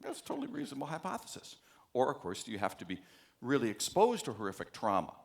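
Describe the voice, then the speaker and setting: A man's voice: mid-range voice, huge pitch swings, quick pace, vocal fry. An American man giving a university lecture on psychology, telling anecdotes with many fillers and acting out the voices he quotes. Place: large lecture hall.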